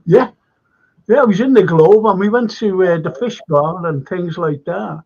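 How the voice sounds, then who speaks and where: Older scouse bloke hosting a chat show, husky voice, dull lo-fi sound. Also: male voice, high voice, normal speed, mellow. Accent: Liverpool. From Liverpool, England. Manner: rambling anecdotes, laughs while telling stories. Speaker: radio show host. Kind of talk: casual chat.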